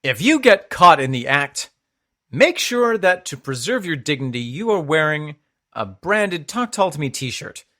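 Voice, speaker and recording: A man's voice: on the high side, very animated, a little slow, sharp tone. A man co-hosting a podcast in casual comedic chat, tossing in jokey, riffing asides. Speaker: podcast co-host.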